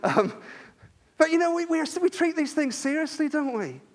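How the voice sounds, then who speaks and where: A man's voice: very high-pitched, very animated, moderate pace. A man preaching a sermon, earnest and emphatic, often repeating himself and restarting phrases.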